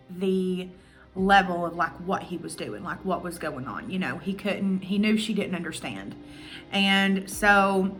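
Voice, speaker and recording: A woman vlogger casually retelling a true-crime documentary, acting out quotes and swearing freely. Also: mid-range voice. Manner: chatty, animated retelling with acted-out quotes and swearing.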